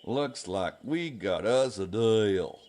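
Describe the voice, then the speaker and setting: A man's voice: fairly low pitch, expressive, slow pace, darkish tone. An actor playing a man faking a folksy rural tourist, with a hammy drawling twang, in a video game.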